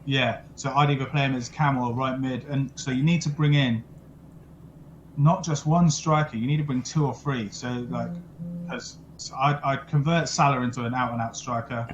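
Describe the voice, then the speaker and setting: A man's voice: mid-range voice, steady tone, moderate pace, highs cut off. Young man, casual football chat, blunt, swears a lot, video call, faint background noise. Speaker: football podcast co-host.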